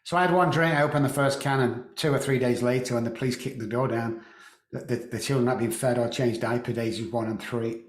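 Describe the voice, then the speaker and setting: A middle-aged man telling a painful personal story in a halting way, repeating words and often clearing his throat. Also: mid-range voice, fairly even intonation, roomy sound. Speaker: guest.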